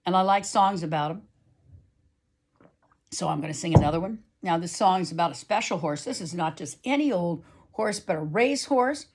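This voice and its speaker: A woman telling a personal story aloud to listeners in a chatty, animated way. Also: on the low side, normal speed, noisy background. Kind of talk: live oral storytelling.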